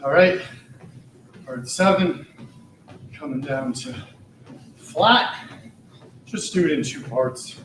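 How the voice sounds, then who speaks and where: Out-of-breath male fitness streamer, slow high delivery, roomy and distant. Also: fairly bright tone, a little hiss or hum. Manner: breathless, off-key singing between short workout remarks. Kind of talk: singing and talking during a treadmill workout.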